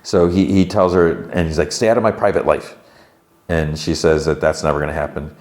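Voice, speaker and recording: A man's voice: extremely low pitch, steady tone, brisk, a little mellow. A male podcast host retelling a story in a loose, conversational way, leaning on lots of "he's like" and "she's like.". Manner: retells scenes conversationally with many "he's like" quotes. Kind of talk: casual spoken recap.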